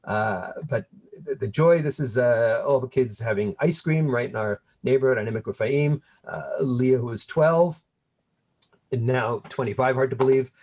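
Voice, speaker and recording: A man in his fifties from Montreal, a guest historian speaking in a conversational lecture with an animated, wry storytelling manner over a video call. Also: mid-range voice, moderate pace.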